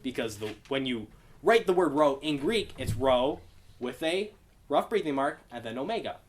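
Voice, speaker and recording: A man's voice: medium pitch, normal speed. Man teaching a casual Greek class. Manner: relaxed, explanatory, takes student questions. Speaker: Bible study Greek teacher.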